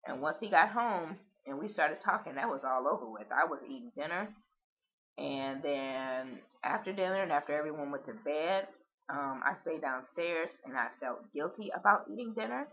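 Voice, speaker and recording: A woman's voice: sits low, highs cut off. A woman recording a confessional video diary, earnest and emotional, trying not to cry. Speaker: vlogger.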